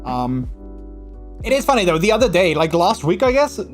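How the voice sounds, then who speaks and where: A man's voice: sits high, very animated, normal speed, soft background music. Rambling Dutch-accented male streamer. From Netherlands. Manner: rambling, full of fillers and restarts; slips into mocking put-on voices when quoting. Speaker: livestreamer. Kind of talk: casual livestream chat with viewers.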